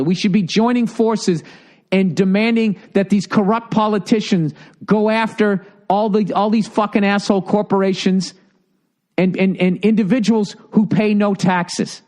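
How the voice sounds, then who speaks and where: Profane ranting man, high voice. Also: a little mellow. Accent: Boston. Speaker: podcast host. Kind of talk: ranting monologue reading listener mail.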